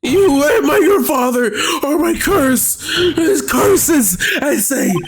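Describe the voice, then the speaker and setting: A man voicing an arrogant older male prosecutor, a vengeful villain who shouts in rage and recounts his crime slowly. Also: very high voice, animated, pitched above the performer's own voice, heavily acted. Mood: raging. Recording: game music playing behind.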